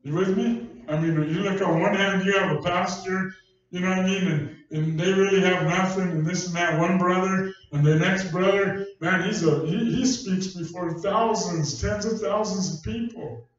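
A man with a high voice preaches a sermon, talking in a folksy, conversational storytelling way. He is recorded from a distance in a very echoey church hall. The sound is dull and muffled. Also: fairly even intonation, moderate pace. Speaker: pastor.

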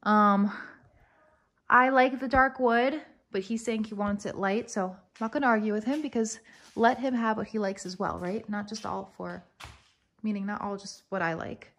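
Excited chatty woman touring a farmhouse. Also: mid-range voice. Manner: excited, fast-talking, chatty. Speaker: vlogger showing a renovated farmhouse. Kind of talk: casual walk-through vlog. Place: in a farmhouse being renovated.

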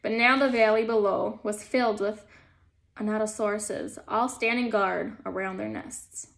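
A woman teacher reading a children's storybook aloud in a gentle, calm manner as she guides young listeners. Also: mid-range voice, moderate pace, gravelly.

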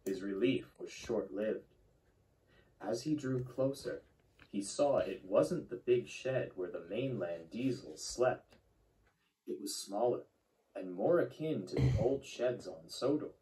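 A man narrating a children's train story in a measured, expressive storytelling manner. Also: on the low side, poor audio. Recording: loud background music.

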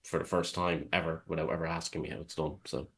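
A man's voice: very deep voice, flat delivery, fast talker, a bit bright. A man with an Irish accent co-hosting a podcast in easygoing, rambling casual chat. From Ireland. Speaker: podcast co-host.

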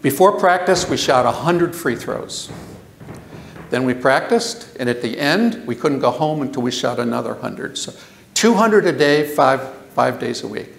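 An older man giving a lecture, animated, asking the audience questions and repeating himself for emphasis. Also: medium pitch, unhurried, gravelly, reverberant, a little hiss or hum. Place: lecture hall.

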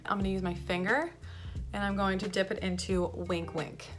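A woman's voice: mid-range voice, fairly even intonation, normal speed, over music. A woman makeup artist chatting casually through a tutorial at home, a little out of breath, with lots of "like" in her talk. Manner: chatty, filler-heavy, enthusiastic about products. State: a bit out of breath.

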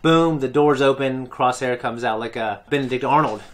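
A man's voice: mid-range voice, moderate pace. Male reaction host with an ordinary middle-range voice, eager and rambling, often restarts his sentences. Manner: rambling, enthusiastic, self-correcting. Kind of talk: casual fan commentary.

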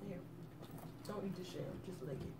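A woman's voice: on the low side, moderate pace, background noise. A woman with a Southern US accent joining a casual meal chat, teasing and giving short, dry answers. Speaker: co-host at the meal. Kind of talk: casual chat while eating.

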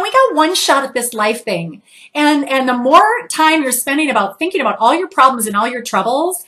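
Upbeat, animated woman giving a pep talk. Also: fairly high pitch. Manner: upbeat, animated, acts out little exchanges. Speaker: motivational speaker. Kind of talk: motivational talk.

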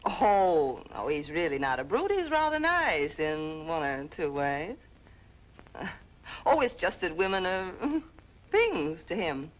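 A sly, brisk secretary. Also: female voice, lowish voice, very animated, low-quality recording. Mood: coy. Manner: brisk, dryly coy. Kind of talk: 1940s film acting.

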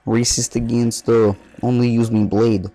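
A man putting on a mock Russian accent as a deadpan, trash-talking gamer persona. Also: mid-range voice, measured pace, soft background music, close to an everyday voice, low-quality recording. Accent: put-on Russian.

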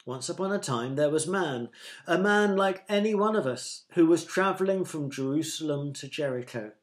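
A man voicing Jesus as a gentle, firm storyteller in a children's Bible story. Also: fairly high pitch, animated, normal speed, close to an everyday voice. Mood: storytelling. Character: kindly calm male storyteller teacher Jesus.

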